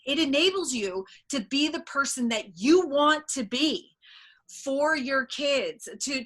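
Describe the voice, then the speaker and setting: A woman's voice: on the high side, bright, forceful tone. A middle-aged woman hosting a podcast, giving earnest, encouraging advice to parents in casual conversation. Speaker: podcast host.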